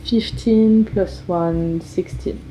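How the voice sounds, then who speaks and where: Woman, tabletop player, slow and hesitant, non-native phrasing, echoey room. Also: lowish voice, fairly even intonation, noisy background. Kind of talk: playing a tabletop game. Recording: echoey room with faint music.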